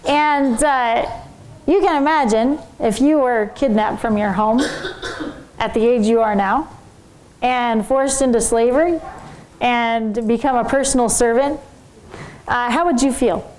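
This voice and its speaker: A tired woman teaching a Bible story in an animated, conversational way, asking her listeners questions. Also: on the high side, unhurried, pauses often, low-quality recording.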